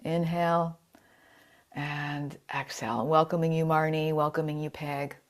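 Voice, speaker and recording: Woman, yoga instructor, unhurried, encouraging, video call. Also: low-pitched. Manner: calm, encouraging, greets participants by name. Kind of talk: guided yoga class instruction.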